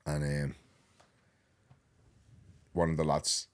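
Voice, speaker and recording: Scouse guy in his 30s, super deep low voice, rambling casual story, lots of lad and bro. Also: takes it slowly. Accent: Liverpool. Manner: rambling and animated, peppered with slang. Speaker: podcast guest.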